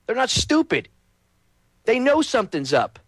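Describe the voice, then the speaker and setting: A man's voice: very high-pitched, huge pitch swings, measured pace, no room sound. A man hosting a show, delivering an angry, profane political rant. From United States. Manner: angry, shouting, profane and preachy. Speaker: host.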